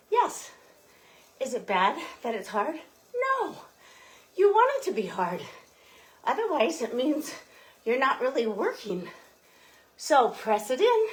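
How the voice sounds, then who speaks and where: Breathless woman coaching a cycling workout. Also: medium pitch. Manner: encouraging, coaching cues while pedaling. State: slightly out of breath. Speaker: fitness instructor. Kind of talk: guided cycling workout instruction.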